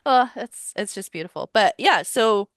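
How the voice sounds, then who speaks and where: A woman's voice: on the high side, lively intonation, moderate pace, a bit bright, no room sound. A woman who is a guest on a podcast, chatting casually in an earnest, enthusiastic way and often repeating words. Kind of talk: casual chat.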